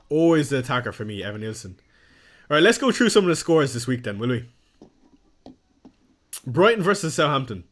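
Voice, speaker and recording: A young man, casually chatting on a live stream, reading out viewer comments and poking fun at his own slip-ups. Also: mid-range voice. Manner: chatty, self-deprecating, reads chat aloud. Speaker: fantasy football streamer.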